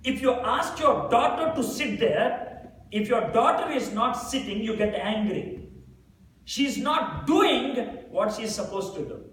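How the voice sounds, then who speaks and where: A high-voiced male preacher with a lively, swooping delivery tells a story, acting out its dialogue before explaining it plainly. He is picked up from a distance in a very echoey hall with a faint hiss underneath. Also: measured pace. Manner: retells scenes with quoted dialogue, explains plainly. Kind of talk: storytelling sermon. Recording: very echoey room, mic far away.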